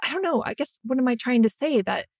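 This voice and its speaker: A woman's voice: high voice, expressive, quick pace, a little mellow, no room sound. A woman hosting an interview podcast, thinking aloud and asking searching questions. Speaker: podcast host. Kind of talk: conversational interview.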